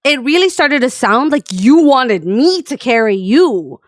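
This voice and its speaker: A woman telling an animated storytime rant to her community, acting out people in mocking voices and swearing freely. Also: high voice, measured pace, dry recording, clean studio sound. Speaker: streamer and community owner.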